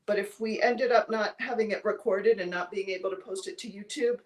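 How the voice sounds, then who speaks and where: A woman's voice: mid-range voice, a little fast, darkish tone, low-quality recording. A woman from Colorado co-hosting a livestream in casual, chatty talk, giggly and self-deprecating, heard over a video call. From Colorado, USA. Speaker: livestream co-host. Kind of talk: casual chat.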